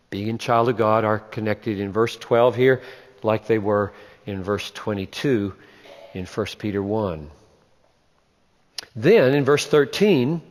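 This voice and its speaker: A man's voice: mid-range voice, long reverb tail. A man teaching the Bible, emphatic, repeating key phrases and posing rhetorical questions.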